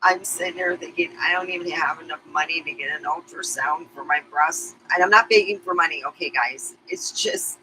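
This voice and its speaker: Middle-aged woman rambling candidly, very bright voice. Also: deep voice, brisk, hardly any pauses, a little hiss or hum, rough recording. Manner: rambling, candid, emotional, swears casually. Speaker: vlogger. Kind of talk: confessional vlog to viewers.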